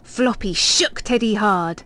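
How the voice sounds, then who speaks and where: A woman reading a children's picture book aloud, clear and expressive. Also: mid-range voice, takes it slowly, no room sound. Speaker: storybook reader.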